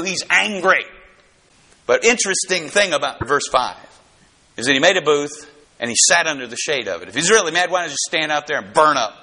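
A middle-aged man delivers a sermon from the pulpit, his voice bright and forward with a slightly raised pitch. He swings from hushed, tender asides to emphatic, animated outbursts, and reads passages aloud as he preaches. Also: brisk. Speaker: pastor.

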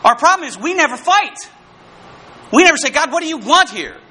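Man, preacher, very high voice, sharp bright tone, fervent sermon, shouts now and then. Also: sing-song, brisk. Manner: fervent, calls out to the congregation, bursts into shouts.

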